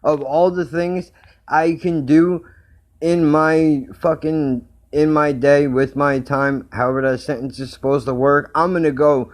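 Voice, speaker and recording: A man's voice: mid-range voice, a little slow. Heated, foul-mouthed man ranting. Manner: blunt, crude, heated, swearing constantly. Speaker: podcast host. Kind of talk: profane rant.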